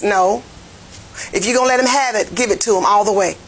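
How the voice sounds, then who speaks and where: Fervent husky-voiced woman preacher. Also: mid-range voice, fairly quick, poor audio. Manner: fervent, call-and-response preaching that swells to near-shouts; folksy, plain-spoken phrasing. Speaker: jail ministry Bible teacher. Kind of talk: preaching a Bible lesson.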